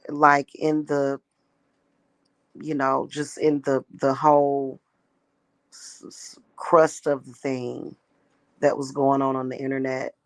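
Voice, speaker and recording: A woman's voice: very deep voice, little pitch movement, slow pace, long pauses, dry recording. A woman talking casually in a vlog monologue, rambling and repeating herself with emphatic restarts. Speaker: spiritual practitioner.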